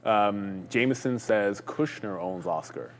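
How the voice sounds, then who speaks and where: Chatty joking trader, reverberant sound. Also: male voice, on the low side. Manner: chatty, joking, quick asides. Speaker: stock market show co-host. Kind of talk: live trading commentary.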